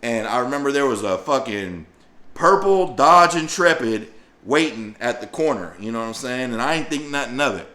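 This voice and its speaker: A man's voice: medium pitch, normal speed. Man, profane casual storyteller, acts out voices, echoey room. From northern Louisiana. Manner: animated, profane, acts out voices and sound effects. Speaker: vlogger telling a personal story.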